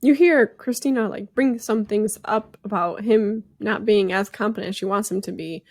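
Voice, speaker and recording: A woman co-hosting a casual podcast, speaking at a middle pitch. She talks thoughtfully and sometimes pauses to search for the right words. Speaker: podcast co-host. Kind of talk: casual chat.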